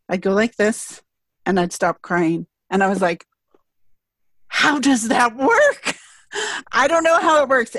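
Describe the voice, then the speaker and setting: A middle-aged woman talks in an earnest, heartfelt way, sharing a personal story in casual conversation. Her voice sits at an ordinary pitch, and the recording is close and dry with no room sound. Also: no room sound. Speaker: speaker and event presenter.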